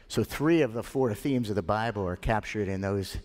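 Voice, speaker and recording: A male pastor preaching a sermon, retelling scripture with animated delivery and dramatic pauses. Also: lowish voice, big-room sound. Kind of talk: sermon storytelling.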